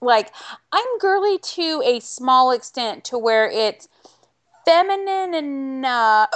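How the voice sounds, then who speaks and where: Woman cohost w/ hiccups, lively storytelling, kinda high voice. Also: takes it slowly. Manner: animated storyteller with acted-out reactions. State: has the hiccups. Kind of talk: casual podcast chat.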